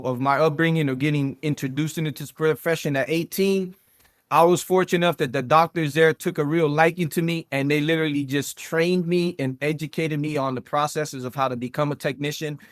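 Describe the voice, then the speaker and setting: A man in his late thirties with a South Florida accent tells his career story as a podcast guest, chatty and full of fillers. His voice sits a little high. The sound is close and dry, with no room around it. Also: fairly quick, no echo. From South Florida, USA. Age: 30s. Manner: animated storyteller, many fillers, addresses listeners as guys. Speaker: podcast guest, vet tech and entrepreneur. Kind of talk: casual interview chat.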